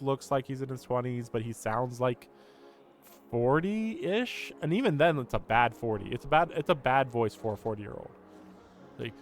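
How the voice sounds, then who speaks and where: A man streaming a story game and reacting to it in casual, rambling, critical talk, laughing often. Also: mid-range voice. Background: faint game music.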